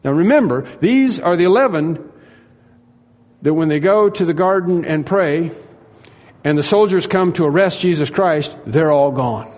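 A man's voice: a little high, lively intonation, normal speed, darkish tone, big-room sound. A man preaching a sermon in an earnest, repetitive way, acting out the dialogue he tells.

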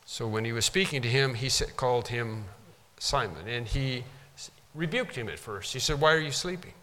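A man's voice: mid-range voice, lively intonation, normal speed, pushed and bright. A man preaching a sermon, teaching from a Bible passage with emphatic repetition. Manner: emphatic, repeats for stress. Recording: long hall reverb.

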